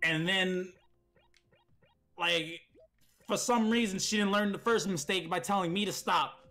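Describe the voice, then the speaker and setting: A young man telling rowdy school stories in casual chat, profane and animated, with heated outbursts. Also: sits high, measured pace, faint music behind. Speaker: streamer's friend telling stories.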